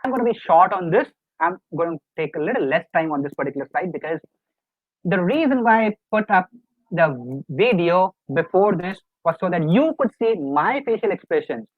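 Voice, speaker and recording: Tinny high-voiced man coaching online. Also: animated, normal speed, dry recording. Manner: earnest, repetitive, coaxing the audience. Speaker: life coach presenting a webinar. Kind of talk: live webinar lecture. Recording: dry, tinny phone-like online call audio.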